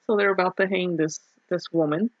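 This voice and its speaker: A woman's voice: lowish voice, no room sound. A woman co-hosting a podcast, laughing often and recapping an episode in easygoing casual chat. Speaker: podcast co-host. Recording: dull, lo-fi podcast audio.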